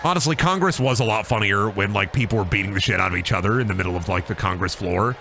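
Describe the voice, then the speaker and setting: A man's voice: on the low side, fast talker, vocal fry, noisy background. A man streaming a game, rambling and joking about wrestling in casual commentary. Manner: rambling, jokey, riffs on wrestling bits. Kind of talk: casual let's-play commentary.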